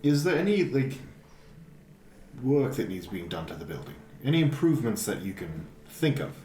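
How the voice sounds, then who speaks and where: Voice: mid-range voice, big pitch swings, moderate pace, dark tone, a little hiss or hum. A player speaking in character with polite, curious questions. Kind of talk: in-character play. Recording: echoey room with music.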